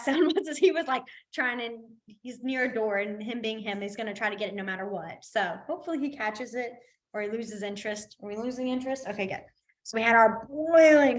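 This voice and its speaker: A woman's voice: fairly high pitch, fairly bright tone. A woman teaching a beginners' class in a casual, chatty way, explaining with everyday examples and laughing easily. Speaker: sign language instructor.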